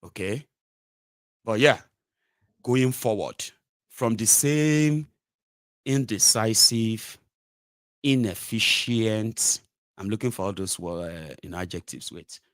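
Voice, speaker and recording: A man's voice: on the low side, slow, pauses often, fairly bright tone, no room sound, studio quality. A man with a Nigerian accent hosting a sarcastic, opinionated political monologue. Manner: sarcastic, mocking, rhetorical. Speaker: political commentary host.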